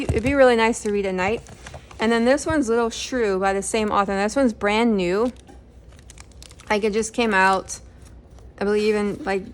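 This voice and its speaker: A woman's voice: mid-range voice, a little hiss or hum. A middle-aged woman casually talking through books she has read, rambling with lots of fillers and self-corrections. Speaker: book channel host. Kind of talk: casual book review chat.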